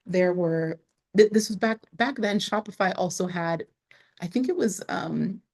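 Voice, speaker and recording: A woman being interviewed, telling her story in a casual, expressive way with lots of fillers, sometimes close to tears. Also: lowish voice, measured pace, gravelly. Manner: expressive, frequent "like" fillers, rises sharply when excited. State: emotional, near tears at times. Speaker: entrepreneur guest.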